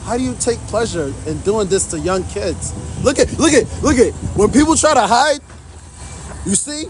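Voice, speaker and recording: A man's voice: high-pitched, expressive, normal speed. A man livestreaming outdoors from his phone, indignantly commenting to his chat in a repetitive way.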